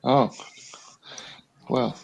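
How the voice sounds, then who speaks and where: A man's voice: drawn-out words, lo-fi sound, very noisy. A man in a casual group chat, teasing the others with dry humor.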